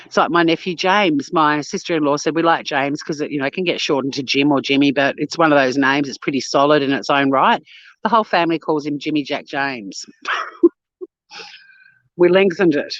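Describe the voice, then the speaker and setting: A woman's voice: low-pitched, normal speed, no echo. Aussie woman rambling on a walk, swears a lot, kinda dull dry phone sound. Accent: Australian. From Australia. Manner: blunt and sweary, animated storytelling. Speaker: vlogger. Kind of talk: casual walk-and-talk vlog chat. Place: outdoors on a walk.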